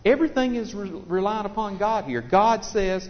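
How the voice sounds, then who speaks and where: A man's voice: high voice, moderate pace. A man preaching a sermon in a conversational, folksy way, often repeating himself as he restarts phrases. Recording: dull lo-fi recording.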